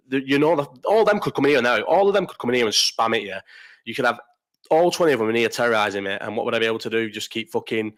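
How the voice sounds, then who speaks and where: A man's voice: mid-range voice, a bit bright. A young man hosting a casual live chat, blunt and rambling, swearing freely and restarting his sentences. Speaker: live stream host.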